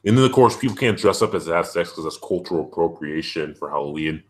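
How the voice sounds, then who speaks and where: Low-voiced ranting man on a call. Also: fast. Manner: animated, ranting, frequent "it's like". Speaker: podcast host. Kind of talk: casual opinionated chat.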